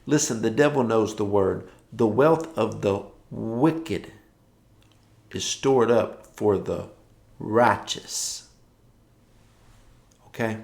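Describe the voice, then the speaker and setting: Gravelly-voiced preacher man exhorting. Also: on the low side, slow pace, long pauses, darkish tone, roomy sound. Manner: exhorting, repetitive declarations. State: yawning, tired from early rising. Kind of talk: morning devotional sermon.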